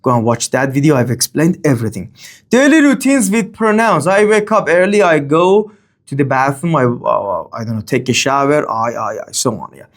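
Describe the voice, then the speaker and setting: A man teaching a grammar lesson, speaking, often pausing on okay and uh and reading example sentences with a lifted tone. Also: on the high side, expressive. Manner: explains slowly with many fillers and okays. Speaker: language teacher.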